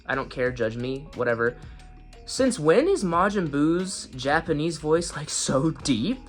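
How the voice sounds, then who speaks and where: A man giving a casual, rambling anime episode review in slangy talk, often breaking into high-pitched laughs. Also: expressive, measured pace, soft background music.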